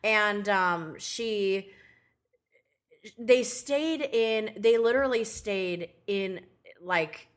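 A woman's voice: mid-range voice, extremely slow. A woman co-hosting a podcast, telling stories in casual chat, swearing freely and acting out what people said. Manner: chatty storytelling, swears freely, acts out quotes. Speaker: podcast co-host.

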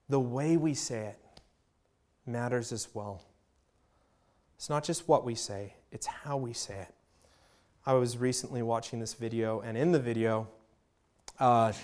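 A man preaching a sermon as pastor, earnest, leaning on emphatic pauses and letting his volume swell and drop. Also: medium pitch.

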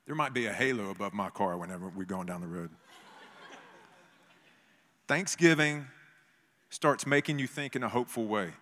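A man preaching a sermon in an animated way, acting out voices from scripture. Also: lowish voice, normal speed, pauses often. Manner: animated, acts out biblical voices. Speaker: pastor. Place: church meeting in a gym. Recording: long hall reverb.

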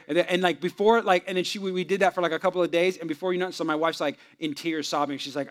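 A man preaching a sermon on marriage to a congregation, swinging between loud animated stretches and hushed asides. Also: a little high, very fast, few pauses. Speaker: pastor.

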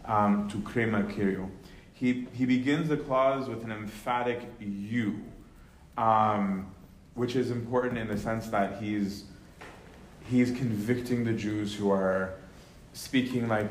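A man leading a casual Bible study, talking loosely with lots of "right?" and "um", then slowing down to read verses aloud. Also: fairly low pitch, steady tone. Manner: conversational, many fillers and tag questions, slows to read scripture. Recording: echoey room with faint noise.

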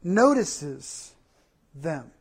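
A male pastor preaching a sermon, animated, with repeated lists and rhetorical questions. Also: fairly high pitch, drawn-out words, slightly rough.

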